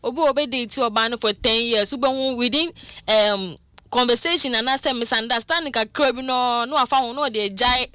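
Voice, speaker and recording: A Ghanaian woman calls in to a radio show to share her opinion and explains it at length. Her voice is bright and high, and the recording sounds dry and close. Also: brisk, clear, resonant tone, no room sound. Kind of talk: giving an opinion on a call-in show.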